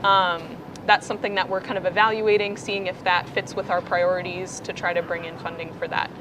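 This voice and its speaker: A woman guest on a talk show, explaining her work in a relaxed way with frequent fillers. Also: fairly low pitch, brisk. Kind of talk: casual chat. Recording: clear background noise.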